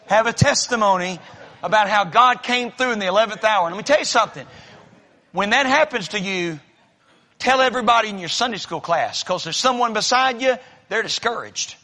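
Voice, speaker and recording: Speaking at a moderate pace in a sharp, high-pitched, animated voice, a man preaches as pastor in a church sanctuary. His sermon leans on folksy stories whose characters he acts out. A long, large-hall reverb colors the recording.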